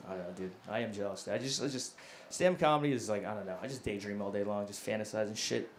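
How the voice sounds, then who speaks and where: A male stand-up comedian doing a crude, self-mocking set, dropping to low mumbles and then bursting out loud. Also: quick pace. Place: comedy club stage. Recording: live club recording with noticeable background noise. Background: audience laughter.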